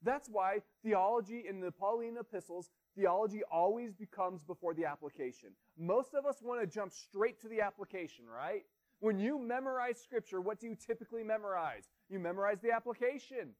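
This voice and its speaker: A man's voice: high-pitched, fairly quick, darkish tone. A man, a pastor with children, preaching an earnest, conversational sermon full of rhetorical questions.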